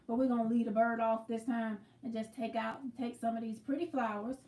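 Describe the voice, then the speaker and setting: A woman with a high, bright-sounding voice chats her way through a quilting livestream, talking viewers through each step. She sits a little away from the mic, and the room around her echoes. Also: flat delivery, fairly quick, distant mic. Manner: chatty, greets viewers by name, explains as she works. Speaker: livestream host. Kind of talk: casual livestream chat while quilting.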